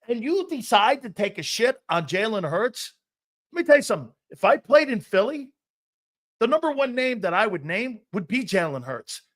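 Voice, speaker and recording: A man ranting in a heated, profane sports commentary, emphatic and fired up. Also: high-pitched.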